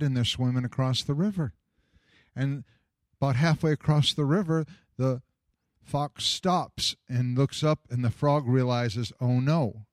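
A man's voice: medium pitch, a little mellow, no room sound, clean studio sound. A man preaching a sermon, telling stories and acting out the voices in them with a chuckle. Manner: storytelling, acts out quoted voices, chuckles at own jokes.

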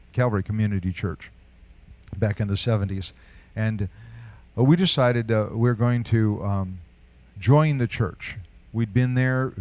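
A man's voice: mid-range voice, darkish tone, no echo. Older guy preaching, chatty, lots of questions to the crowd, dry close sound, mid voice. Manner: conversational preaching, asks many rhetorical questions, chuckles often. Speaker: pastor. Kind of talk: sermon.

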